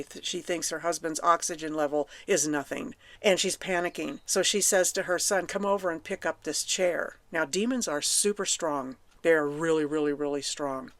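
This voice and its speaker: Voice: mid-range voice, fairly bright tone, no echo. Podcast host, testimony storytelling, emphatic and repetitive, dry close sound. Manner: emphatic, repeats points for stress.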